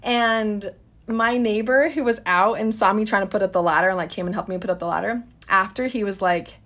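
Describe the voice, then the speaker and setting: A woman's voice: medium pitch, a little fast, a bit bright. A woman in her thirties telling a story in a casual, chatty way, addressing listeners as guys.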